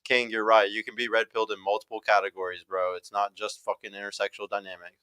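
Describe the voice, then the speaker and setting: A man's voice: lowish voice, little pitch movement, fast talker, crowd noise, poor audio. A man hosting a livestream, reacting to a clip and reading chat comments aloud in a blunt, profane, casual way.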